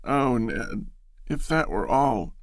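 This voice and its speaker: A man's voice: mid-range voice, animated, takes it slowly, dry recording, clean studio sound, pitched above the performer's own voice. Tearful young woman, voiced by a man. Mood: pleading. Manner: sobbing, pleading.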